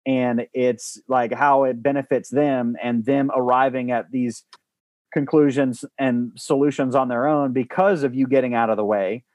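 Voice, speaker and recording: A man's voice: mid-range voice, fairly even intonation, normal speed, darkish tone, dry recording. A man talking about coaching in a podcast conversation, earnest and rambling, with many restarts and fillers. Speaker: guest, former baseball coach.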